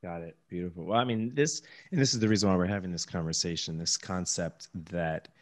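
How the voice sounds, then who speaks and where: A man's voice: deep voice, fairly quick, no echo, studio quality. A man hosting a podcast interview, thoughtful and searching for his words as he asks questions. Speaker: podcast host.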